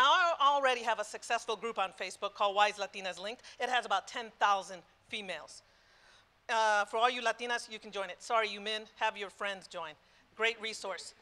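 Bright, emphatic woman speaker in her sixties. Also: a little high. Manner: emphatic, repetitive, switching between English and Spanish. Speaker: conference speaker. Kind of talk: passionate live talk. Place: conference room before an audience.

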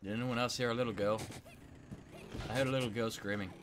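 A man commentating on a game he is playing, excitable and swearing, a bit sick and clearing his throat. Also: mid-range voice, fast, noisy background. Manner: excitable, swearing, yelping at failures. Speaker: gameplay commentator. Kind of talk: let's play commentary.

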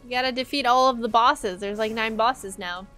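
A woman's voice: on the high side, normal speed, a bit bright, soft background music. A woman live-streaming a game, thinking aloud in a chatty, playful, teasing way. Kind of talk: live-stream gameplay chat.

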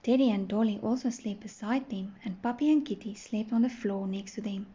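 A woman teacher reading a storybook aloud to toddlers, gentle and clear. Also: medium pitch. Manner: gentle, slow, clearly sounding out words. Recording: muffled, faint hiss.

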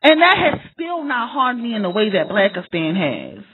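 A woman's voice: mid-range voice, wildly swooping pitch, moderate pace, slightly rough. A woman giving an impassioned, profane monologue straight to her listeners, repeating lines for emphasis. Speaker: vlogger. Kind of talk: impassioned direct-to-camera monologue. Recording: tinny phone-like sound.

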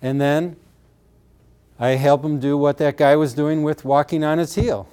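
A man's voice: a little high, steady tone, unhurried, dark tone, clear, resonant tone. A middle-aged man talking about treating pain, earnest and explanatory, often acting out what his patients said with strong feeling. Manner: earnest, re-enacts patients' words with emotion. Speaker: pain therapist. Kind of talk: explanatory talk with acted patient quotes.

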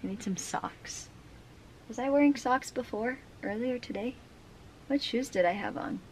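A woman's voice: fairly high pitch, moderate pace, a little hiss or hum. A young woman in a casual vlog, talking to herself as she gets ready, rambling and cursing freely. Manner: chatty, rambling, swears freely. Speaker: vlogger. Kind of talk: casual vlog self-talk. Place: at home, indoors. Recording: roomy indoor sound.

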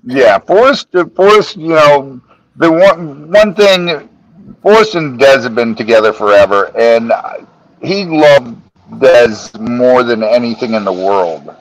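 A man chatting as a podcast guest, telling animated stories and acting out his friends' lines. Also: medium pitch, slow pace, rough recording. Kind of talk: casual podcast chat.

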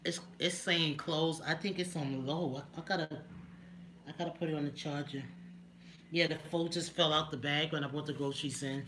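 A woman's voice: deep voice, steady tone, moderate pace, fairly bright tone, a little hiss or hum. A woman chatting casually on a live stream from home, laughing often and talking to her viewers by name.

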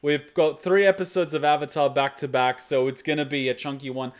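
A man's voice: on the high side, steady tone, brisk, clear, resonant tone. A man hosting a reaction video, talking casually and earnestly about an episode in short repeated phrases.

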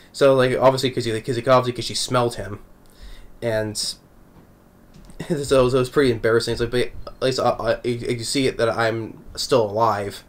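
A man's voice: medium pitch, steady tone, normal speed. A man recapping an anime episode in a casual, rambling way, chuckling often between thoughts. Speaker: anime reviewer.

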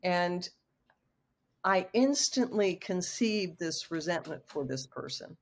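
Brief: woman, 60s, low-ish voice, candid and vivid storyteller speaking over a video call. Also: lively intonation, slow pace. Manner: emotional, frank, vivid storyteller. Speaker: guest author.

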